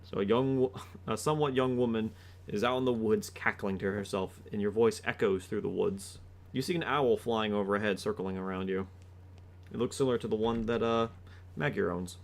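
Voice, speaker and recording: A man running a tabletop game as game master, narrating slowly and dramatically, with hesitant asides. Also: fairly low pitch, vocal fry.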